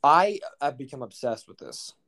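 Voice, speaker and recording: A man's voice: mid-range voice, very animated, moderate pace, creaky, a bit bright. Rambling, swearing young man on a podcast. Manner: rambling, profane, incredulous storytelling. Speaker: podcast co-host. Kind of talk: casual chat.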